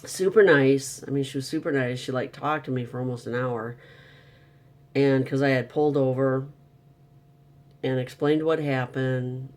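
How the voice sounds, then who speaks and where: A man's voice: medium pitch, fairly even intonation, normal speed. A man telling a frustrating story in a casual, upset monologue, venting and exasperated. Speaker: vlogger.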